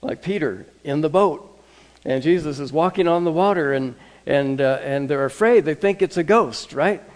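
A man preaching a sermon in a conversational way, often repeating words and dropping to a soft voice for emphasis. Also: a little high, moderate pace. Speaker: pastor.

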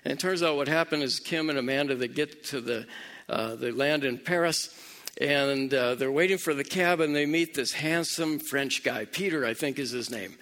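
A man's voice: mid-range voice, moderate pace, fairly bright tone. A man casually retelling a film's plot, chatting straight to his listeners. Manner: conversational, speaks straight to listeners.

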